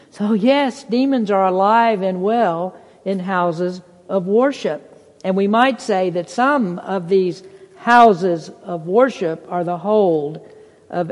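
A preacher delivering a sermon, reading scripture in old-fashioned wording and rising in pitch to stress points, with the long reverb of a church sanctuary. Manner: reads scripture in King James wording, rises in pitch for emphasis. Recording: long reverb in a large hall.

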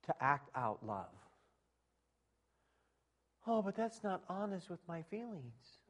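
A middle-aged male preacher with a slightly high voice delivers a chatty sermon. He slips in and out of quoted exchanges, rising sharply when he gets worked up and dropping low for asides. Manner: conversational and animated, with quoted dialogue and laughter.

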